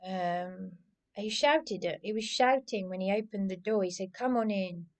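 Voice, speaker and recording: A woman's voice: mid-range voice, moderate pace. An agitated woman, vlogging in a rambling personal monologue that keeps circling back and restarting. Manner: agitated, repetitive, restarts often.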